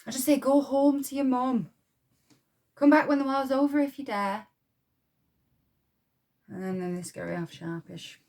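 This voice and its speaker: An actress playing a blunt, defiant young wartime munitions worker with a Yorkshire accent, who swears freely and talks with scorn. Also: female voice, sits high, measured pace, long pauses, darkish tone. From Yorkshire, England. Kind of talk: dramatic monologue.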